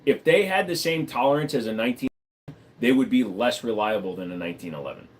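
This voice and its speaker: A man's voice: medium pitch, animated, fast talker, slight background noise. Male livestream host, loose and foul-mouthed, reads chat and riffs off it. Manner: blunt, profane, rambling, reads chat aloud.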